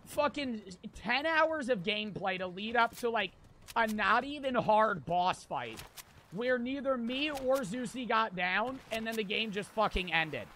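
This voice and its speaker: High, bright-voiced brash male streamer. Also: a little hiss or hum. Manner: brash and profane, answers chat with quick irritation. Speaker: streamer playing a battle royale game. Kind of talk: casual live-stream commentary.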